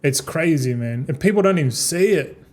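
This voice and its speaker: Young male streamer, slightly high voice, loose stumbling chat peppered with swearing. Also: expressive, normal speed. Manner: repetitive, stumbling, swears freely. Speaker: gaming streamer. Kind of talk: casual rambling stream talk.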